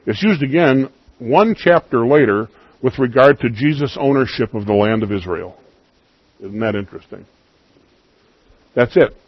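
A man preaching a sermon, emphatic, rising loud on key lines and dropping to soft asides. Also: medium pitch, expressive, normal speed, long pauses, slightly rough, dry recording, highs cut off.

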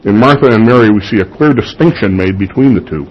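A pastor delivers a sermon in a church, his husky voice climbing to emphatic peaks on key words. He keeps turning to the congregation with questions. The recording is muffled and lo-fi. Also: lowish voice, lively intonation, quick pace. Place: church sanctuary.

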